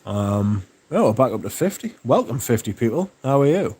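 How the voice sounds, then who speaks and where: A man's voice: medium pitch, moderate pace, breathy edge. Sweary man chatting on a livestream. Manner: relaxed, sweary, chatty, enthusiastic. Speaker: livestream host. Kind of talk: casual livestream chat reading viewer comments.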